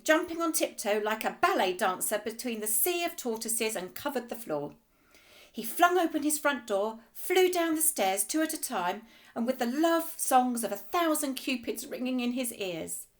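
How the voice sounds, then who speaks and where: A female teacher reading a children's storybook aloud in an expressive, lively way. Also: fairly high pitch, normal speed.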